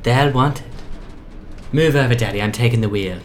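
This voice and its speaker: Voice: mid-range voice, normal speed, slight background noise, lightly acted. A performer as Spooky, a grandiose schemer. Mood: scheming. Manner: rambling, wheedling, grandiose. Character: eccentric scheming party planner, grandiose. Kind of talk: improvised comedy audio play.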